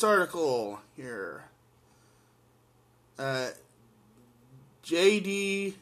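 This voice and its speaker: A man's voice: fairly high pitch, expressive, a little slow, a bit bright. A man giving impassioned solo political commentary and reading an article aloud, blunt and emphatic, repeating lines for force.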